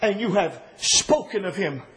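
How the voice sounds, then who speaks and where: A man preaching a sermon in an impassioned way, often shouting and then dropping low and quiet. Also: animated, unhurried.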